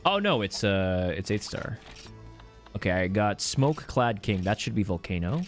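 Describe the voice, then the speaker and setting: Playful man streaming a game, lively pitch. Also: a little slow, faint music behind. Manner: playful, joking, reacts to chat. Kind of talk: casual live gameplay commentary.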